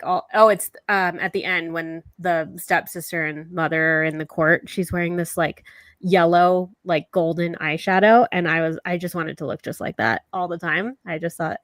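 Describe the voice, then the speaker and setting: A woman's voice: on the low side, steady tone, moderate pace, a bit bright, no room sound. A woman talking casually on a video call, gushing and rambling with lots of "like". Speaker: panelist. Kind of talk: casual group chat on a live video call.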